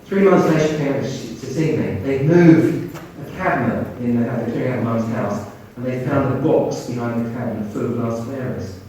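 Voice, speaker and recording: A man telling lively anecdotes to an audience, often repeating and restarting his phrases. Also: medium pitch, normal speed, few pauses, a little hiss or hum. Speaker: speaker at a talk on mediumship. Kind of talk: anecdotal storytelling talk. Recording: echoey hall from far off.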